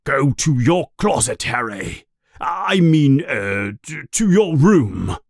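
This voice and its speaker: A blustering, easily rattled storybook uncle who stammers and barks his words out slowly, as a man puts him on. The voice is dry and close, with no room around it. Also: mid-range voice, sing-song, no room sound, pitched above the performer's own voice, heavily acted. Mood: nervous. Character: blustering, scared middle-aged man.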